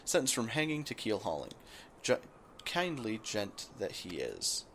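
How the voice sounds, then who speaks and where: Guy voicing a blustery old dock boss, kinda low, bit of hiss behind. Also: huge pitch swings, unhurried, fairly bright tone, full character voice. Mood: gruff. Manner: reads in a rough dockside voice, drops it partway. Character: gruff old male guild boss, blustering sailor type.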